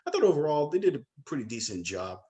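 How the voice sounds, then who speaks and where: A man's voice: a little high, big pitch swings, fast, dark tone, highs cut off. A man co-hosting a casual movie review chat, teasing the others and steering the talk to the next topic. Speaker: co-host of a movie review show.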